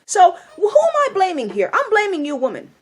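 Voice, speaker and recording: A woman's voice: extremely high pitch, huge pitch swings, a little fast. A woman speaking in a blunt, scolding monologue, angry and firing off rhetorical questions. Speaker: video commentator.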